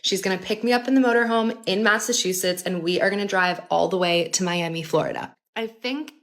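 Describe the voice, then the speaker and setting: A woman's voice: mid-range voice, brisk, a bit bright. A young adult woman narrating a personal story in a casual storytime chat, full of fillers and wry asides.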